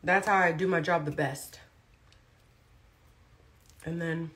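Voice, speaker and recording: A woman's voice: on the low side, steady tone, takes it slowly, long pauses, noisy background. A woman talking casually on a livestream, blunt and chatty, chewing food as she speaks. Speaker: vlogger.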